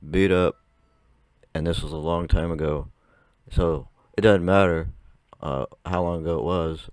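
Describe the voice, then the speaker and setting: A man's voice: rumbling low, darkish tone, no room sound. A young man whose voice still cracks, telling a rambling story to camera with frequent laughs. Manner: chatty, rambling, laughs often. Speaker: vlogger.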